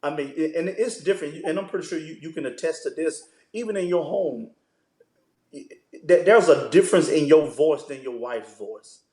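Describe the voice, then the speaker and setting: Pastor, male, fairly high voice, easygoing storyteller; recorded in an echoey room. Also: normal speed. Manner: relaxed, storytelling, frequent "man" fillers. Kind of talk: conversational interview.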